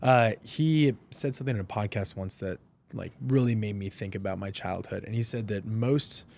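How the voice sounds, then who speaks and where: A man in his thirties from Oregon, a podcast guest telling animated stories in casual chat. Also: on the low side, vocal fry. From Oregon, USA. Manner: animated storyteller, quick and chatty.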